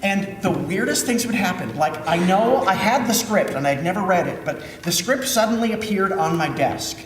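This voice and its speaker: A man from Minnesota, a theater director, telling a story in a chatty, lively way during a post-show Q&A. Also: sits high, normal speed, noisy background. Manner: chatty storytelling, animated when quoting. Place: theater auditorium. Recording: echoey hall, mic at a distance.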